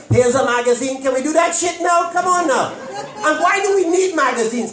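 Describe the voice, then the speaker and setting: A male stand-up comedian doing a brash, crude set in front of a live audience at a comedy club. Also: extremely high pitch. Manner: brash, animated, crude punchlines. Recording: echoey club with loud crowd laughter.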